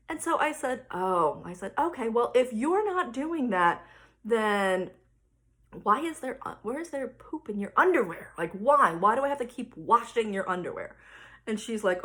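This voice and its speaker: A woman in her thirties, a mother casually telling a story to camera, animated and exasperated as she acts out the conversation. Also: high-pitched, moderate pace. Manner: animated, exasperated retelling with quoted dialogue.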